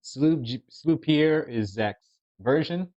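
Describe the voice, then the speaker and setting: A man's voice: on the high side, expressive, slow pace, darkish tone, no room sound. Hesitant rambling man reacting. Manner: rambling, hesitant, many restarts. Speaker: reaction video host. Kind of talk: casual commentary. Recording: dry, dull lo-fi sound.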